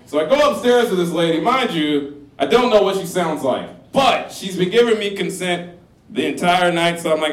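A man's voice: sits high, expressive, normal speed. A man in his thirties telling a crude comic story to a live crowd, loose and profane, often laughing. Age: 30s. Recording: roomy live room, voice from a distance.

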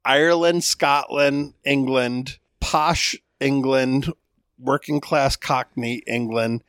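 A man's voice: medium pitch, fairly even intonation, slow pace, a bit bright, clean tone, dry recording, studio quality. A man co-hosting a podcast in casual chat, joking and wry. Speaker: podcast co-host.

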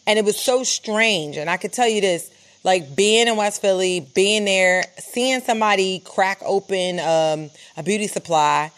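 A woman's voice: mid-range voice, measured pace. A woman reporter recounting what she saw in an urgent, emphatic way, with many fillers. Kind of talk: live interview, recounting events.

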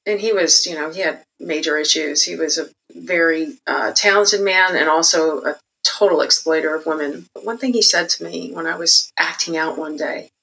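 Candid, reflective woman with a bright voice. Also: low voice, normal speed, hardly any pauses, rough recording. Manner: candid and reflective, animated when quoting others. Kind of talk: personal storytelling interview.

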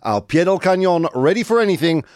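A male radio host doing live banter, energetic and chatty, laughing often and a bit out of breath. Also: sits high, brisk, dry recording, studio quality. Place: radio studio.

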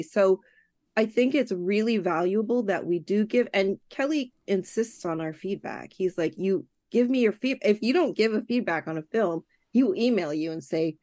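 A woman on a podcast, a festival programmer, telling stories in a lively chat and acting out what people said. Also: mid-range voice, moderate pace, dry recording, studio quality. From Canada. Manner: animated storyteller, acts out quotes.

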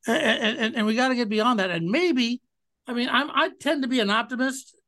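A man's voice: very high voice, fairly quick, bright, forceful tone. Rambling man in his sixties. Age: 60s. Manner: rambling, hesitant, many fillers. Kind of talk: casual political chat.

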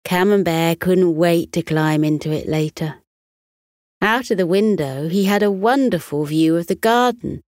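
A British woman narrating a children's bedtime story in a soft, soothing manner. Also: on the low side, no echo, clean studio sound.

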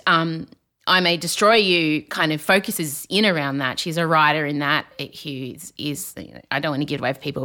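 Bright, candid woman podcast host. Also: sits low. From Australia. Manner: animated, candid, self-deprecating. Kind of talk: casual chat.

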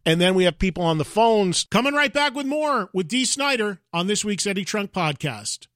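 A man hosting a podcast interview, steering the talk with brisk questions and segment links. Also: sits high, very animated, fairly bright tone, no echo, studio quality. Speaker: podcast host.

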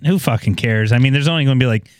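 A man's voice: medium pitch, very fast. A man chatting casually as a podcast co-host, laid-back, teasing and profane. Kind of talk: casual chat.

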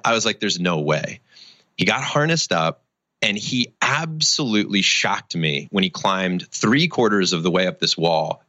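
A middle-aged man tells a personal story as an interview guest, his low voice swinging widely in pitch as he acts out each quote. The tone is bright and forward. The sound is dry and close, with no room around it. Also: no room sound. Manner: animated storyteller acting out quotes. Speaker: guest, charity founder.

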